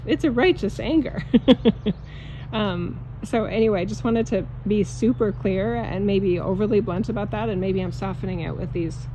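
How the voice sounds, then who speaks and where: Outdoors in a yard, with background noise around her, a woman with a medium-pitched voice gives a spiritual pep talk as a spiritual coach. She's blunt and emphatic, swearing and laughing often.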